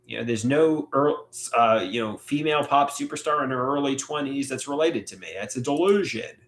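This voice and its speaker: A man hosting a live solo stream, talking in a halting, reflective way with many filler words. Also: medium pitch. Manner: halting, reflective, frequent "you know" fillers. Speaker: livestream host. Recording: echoey room.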